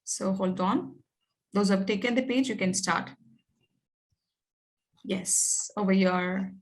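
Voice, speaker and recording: A woman's voice: medium pitch, takes it slowly. A woman teacher, patiently coaxing pupils in an online class, with many fillers and "okay"s.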